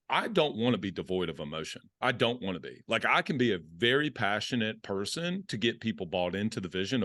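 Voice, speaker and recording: A man's voice: on the low side, a bit bright, no echo, studio quality. A man hosting a podcast, reacting to his guest in an enthusiastic, affirming, casual way. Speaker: podcast host. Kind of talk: casual interview chat.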